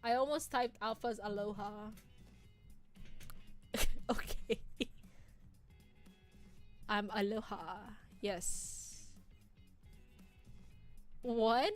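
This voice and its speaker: A woman's voice: mid-range voice, extremely slow, pauses often, soft background music. A woman in her twenties chatting casually on a live stream with her viewers, laughing often. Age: 20s.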